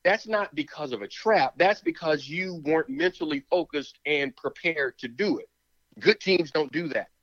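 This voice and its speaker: A man's voice: fairly high pitch, moderate pace, a bit bright, highs cut off. A man, a former football player, arguing his point emphatically in a sports talk show, often repeating words. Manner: emphatic, repeats words, talks himself out of breath. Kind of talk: sports talk, animated argument.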